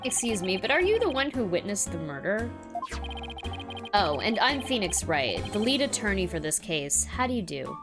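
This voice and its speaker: A woman's voice: mid-range voice, big pitch swings, moderate pace, music in the background. A woman voicing a courteous young male defense attorney in a game playthrough. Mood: polite.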